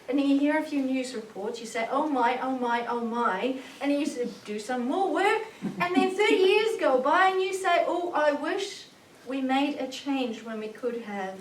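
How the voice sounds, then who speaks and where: A woman channeling a jovial, earnest male alien star commander, preaching slowly and emphatically with rhetorical questions, in a roomy recording from a distant mic. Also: high-pitched, a little hiss or hum, natural voice. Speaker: spirit channeler. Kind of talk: channeled spiritual message.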